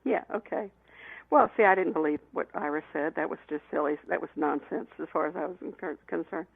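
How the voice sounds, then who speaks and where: Woman guest telling stories w lots of laughs, kinda low n gravelly, sounds like a phone call. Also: brisk, dry recording. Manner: lively anecdotes with frequent laughs and restarts. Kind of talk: storytelling in an interview. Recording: tinny phone line, dry.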